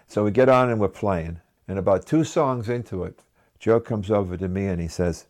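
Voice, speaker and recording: A man's voice: on the low side, normal speed, a little mellow. A man, a musician guest on a radio show, casually telling stories from touring, chatty and laughing often. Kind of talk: casual anecdotal storytelling.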